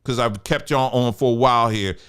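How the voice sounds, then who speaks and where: A male commentary-show host delivers an emphatic, preachy monologue, addressing his listeners as family and repeating phrases for emphasis. His mid-range voice is brisk, a bit bright, clear, and resonant.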